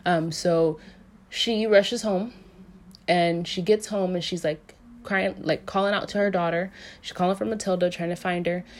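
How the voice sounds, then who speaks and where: A woman's voice: fairly low pitch, fairly even intonation, moderate pace. Rambling woman recapping a movie. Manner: rambling, filler-heavy, lots of "like" and "um"; casually profane. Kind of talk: casual plot recap.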